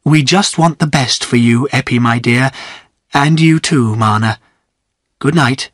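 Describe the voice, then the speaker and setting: Man voicing kindly lady, gentle, soft, slow storybook reading. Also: mid-range voice, no room sound, clean studio sound. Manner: gentle, kind.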